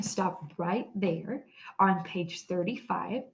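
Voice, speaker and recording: A woman teacher reading a children's chapter book aloud to her class in a calm, clear storytelling voice. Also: on the low side, moderate pace.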